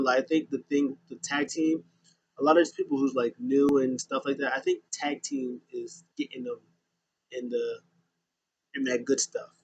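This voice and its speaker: Casual male host, mid pitch, loose and rambling, lots of ums. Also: a little hiss or hum, low-quality recording. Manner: rambling, many fillers and restarts. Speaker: podcast host recapping wrestling. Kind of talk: casual recap.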